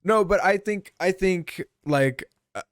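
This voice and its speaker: A man's voice: high voice, slow pace, dry recording, clean studio sound. A young man co-hosting a podcast in casual chat, rambling and trailing off as he thinks aloud. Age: young adult. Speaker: podcast co-host.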